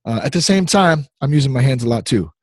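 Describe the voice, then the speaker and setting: A man's voice: mid-range voice, animated, fast, breathy edge, dry recording. A man in his thirties hosting a podcast, talking casually in a rambling, easily distracted, playful way. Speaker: podcast host.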